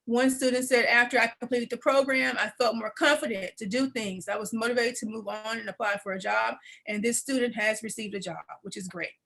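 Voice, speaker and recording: A woman presenting an adult education program on a video call, teary and warm as she repeats phrases and laughs. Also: on the high side, fairly even intonation, a little fast, gravelly, few pauses, rough recording. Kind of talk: webinar presentation.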